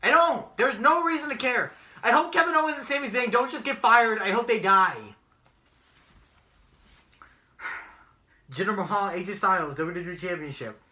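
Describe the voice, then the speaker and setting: A young man with an unusually high, piercing voice rants about wrestling on a casual podcast. His pitch swings widely as he curses and bursts into shouts, with a sharp, bright edge. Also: expressive, normal speed, long pauses. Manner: ranting, profane, shouts when angry. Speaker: podcast co-host. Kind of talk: casual wrestling predictions chat.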